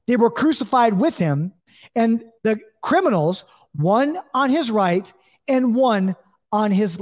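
A man's voice: sits high, a little mellow. Conversational male Bible teacher, reverberant room. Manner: conversational, checks in with listeners, acts out quoted voices. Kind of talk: Bible teaching, reading and explaining scripture.

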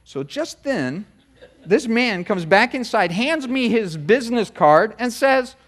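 A middle-aged man preaching a sermon, telling a personal story in a chatty, animated way with many asides. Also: very high voice, takes it slowly. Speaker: pastor. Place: church sanctuary.

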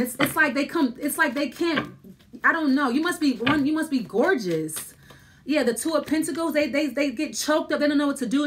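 High-voiced woman rambling through a tarot reading. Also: fairly bright tone, a little hiss or hum. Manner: rambling, repetitive, thinking aloud while pulling cards; addresses the listener directly and reassuringly. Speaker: tarot reader. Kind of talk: casual tarot card reading.

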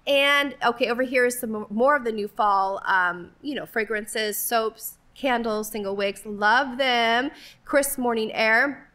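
Forties woman vlogger, high-ish voice, chatty, giggly, rambling in-store walk-through. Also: bright, forceful tone. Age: 40s. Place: inside a retail store.

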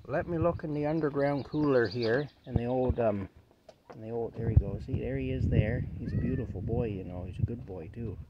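A man's voice: medium pitch, huge pitch swings, brisk, dull audio, heavy background noise. A man filming himself outdoors, talking fondly to his cat in baby talk and rambling about his setup. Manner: fond baby talk to a pet, rambling explanations. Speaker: vlogger.

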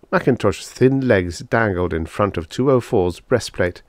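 A man narrating a vintage science fiction audiobook in an expressive storytelling read. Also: sits low, dry recording, studio quality. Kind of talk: scripted narration.

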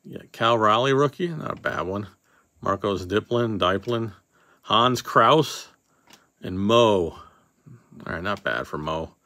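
A man's voice: lowish voice, animated, slow pace, long pauses, pushed and bright, dry recording. A man hosting a casual card-opening session, reading off names as he goes and joking offhand with a few swear words. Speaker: card box breaker host.

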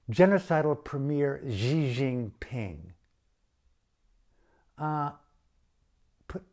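A man with a somewhat high-pitched voice, ranting with blunt outrage. He talks in a profane, impassioned way, as if addressing leaders directly. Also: darkish tone. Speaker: activist. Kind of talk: impassioned video rant.

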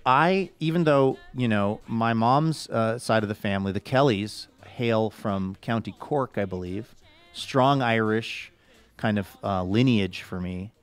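A man's voice: on the low side, measured pace, clean tone. Rambling, self-mocking male podcast host. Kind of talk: casual comedic chat.

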